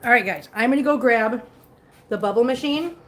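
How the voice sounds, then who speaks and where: A woman's voice: a little high, moderate pace, a bit bright. A woman hosting a casual livestream at home, baby-talking to her cats and chatting with viewers. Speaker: host of a cat-care livestream.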